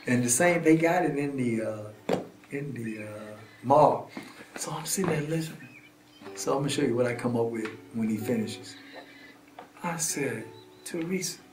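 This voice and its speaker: A man telling a story in a prison visitation room, acting out the scene and sometimes dropping to a hush. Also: medium pitch, moderate pace, long pauses, noisy background. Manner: acts out scenes and voices, drops to hushed tones. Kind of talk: animated storytelling. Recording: roomy echo, faint guitar music.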